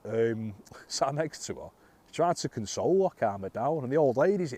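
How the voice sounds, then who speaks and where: A man's voice: medium pitch, animated, moderate pace, mellow. A man, a bus driver, telling a story casually, laughing often and restarting his sentences in a self-deprecating way.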